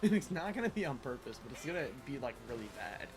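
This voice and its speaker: A man live-streaming a game, chatting casually with viewers in a rambling, animated way and laughing often. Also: mid-range voice, fast. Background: game music.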